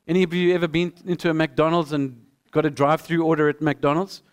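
A man preaching a sermon, acting out little dialogues with lively energy. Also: fairly high pitch, a little fast, clear, resonant tone. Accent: non-local accent. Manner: animated preaching, acting out both sides of a dialogue. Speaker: pastor.

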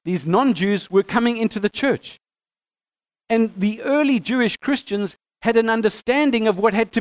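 High-voiced man teaching scripture. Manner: conversational, animated when reading quotes, some stammering restarts. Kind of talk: Bible teaching talk.

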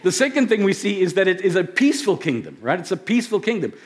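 A man's voice: high-pitched, sing-song, quick pace. A pastor preaching a sermon to his congregation, conversational and emphatic, often checking in with his listeners. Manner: conversational preaching with rhetorical questions. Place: church service before a congregation.

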